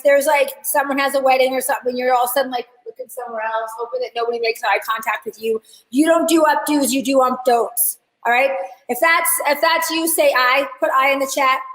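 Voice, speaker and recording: A woman teaching a live online hair class, chatty and animated, talking straight to her viewers. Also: sits high, fairly quick, few pauses, echoey room, poor audio. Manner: chatty, animated storyteller addressing chat. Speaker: hair educator.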